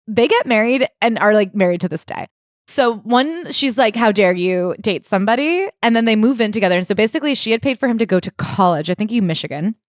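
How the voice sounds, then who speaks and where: A woman co-hosting a casual book club podcast, animated and jokey, sometimes reading passages aloud. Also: a little high, quick pace, no room sound, studio quality. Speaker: podcast co-host.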